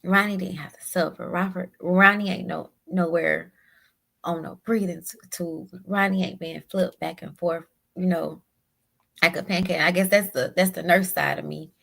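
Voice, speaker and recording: A woman guest telling a personal story in a halting, emotional way, often repeating her words. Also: on the low side, fairly even intonation, creaky, fairly bright tone. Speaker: podcast guest.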